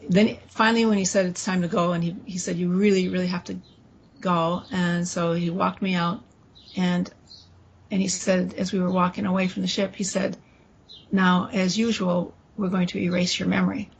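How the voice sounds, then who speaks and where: In an interview, a woman recounts a personal experience, speaking haltingly with restarts and quoting dialogue, while faint noise sits behind her. Her voice is fairly low, creaky, and flat in delivery.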